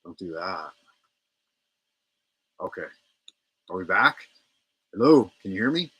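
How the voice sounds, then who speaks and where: A man's voice: low voice, big pitch swings, takes it slowly, bright, forceful tone, husky, dry recording. A middle-aged man hosting a casual livestream from home, rambling, repeating himself and thanking viewers. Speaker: livestream host.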